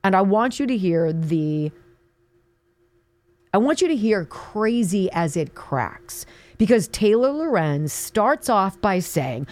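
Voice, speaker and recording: A middle-aged woman hosting a talk show, her pitch swinging widely as she mocks and stresses her points. The sound is close and dry, with no room around it. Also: very animated, slow pace, a little mellow, dry recording. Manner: sarcastic, emphatic, mocking asides. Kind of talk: opinionated talk radio monologue.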